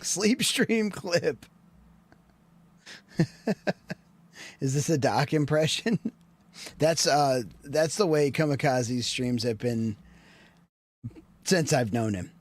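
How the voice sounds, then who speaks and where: Laid-back streamer man, lively voice. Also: a little high, slow pace, long pauses, dry recording. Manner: laid-back, chatty, laughs often. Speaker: live streamer. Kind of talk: casual stream chat and reactions.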